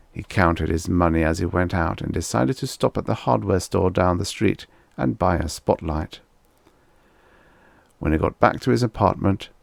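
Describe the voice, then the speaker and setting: Croaky deep-voiced male narrator. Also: no echo. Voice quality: croaky, wheezy. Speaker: audiobook narrator. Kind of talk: vintage short story reading.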